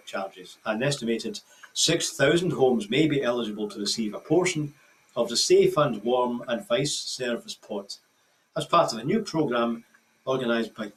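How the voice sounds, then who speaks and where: A man's voice: mid-range voice, a bit bright. Scottish man reading the news. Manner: measured reading with occasional stumbles and restarts. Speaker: news presenter. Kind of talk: read news bulletin. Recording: slightly distant mic with faint background noise.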